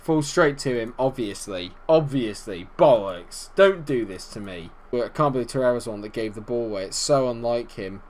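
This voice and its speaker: A young man commentating on his own football management game, swinging from low muttering to shouted celebration. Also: expressive, moderate pace, few pauses. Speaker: gaming YouTuber. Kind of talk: excitable gameplay commentary.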